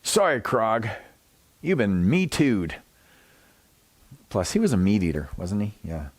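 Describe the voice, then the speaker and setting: A man's voice: on the low side, big pitch swings, unhurried. A man hosting a satirical news show, giving a sarcastic, mock-serious monologue with jokey asides and some laughter at his own flubs.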